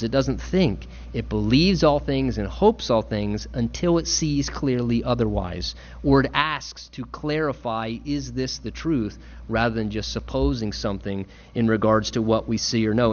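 A man's voice: medium pitch, highs cut off. A man preaching a sermon, earnest and emphatic, stressing points through repetition. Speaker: pastor.

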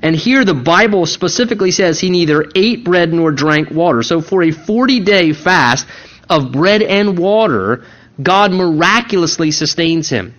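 Male pastor, slightly high voice, casual and emphatic preaching, muffled lo-fi sound. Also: animated, measured pace, fairly bright tone. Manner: conversational, emphatic, repeats key words. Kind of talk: sermon.

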